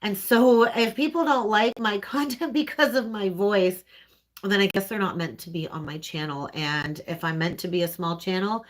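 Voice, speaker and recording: A woman's voice: medium pitch, normal speed. A woman with a Canadian accent giving an earnest, conversational live-streamed tarot reading and often checking in with "right?". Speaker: tarot reader.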